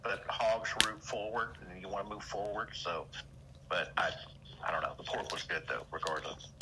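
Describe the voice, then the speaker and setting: A man's voice: low voice, normal speed, very noisy. A man with a Southern US accent from Alabama, chatting casually on a stream and telling folksy, rambling stories. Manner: folksy, rambling, lively storyteller. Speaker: stream regular. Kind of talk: casual voice chat.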